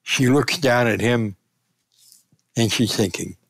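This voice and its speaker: A gravelly older American man, a veteran sports columnist appearing as a guest, tells stories in an interview. His medium-pitched voice moves slowly with frequent pauses, growing animated and rising for the punchlines. There's no echo on the recording.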